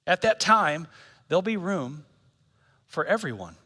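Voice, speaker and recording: Guy preaching at church, high voice, loose and jokey, big hall echo on it. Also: big pitch swings, unhurried, pushed and bright. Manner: casual, joking, slangy preaching. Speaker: pastor. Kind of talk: sermon. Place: church service.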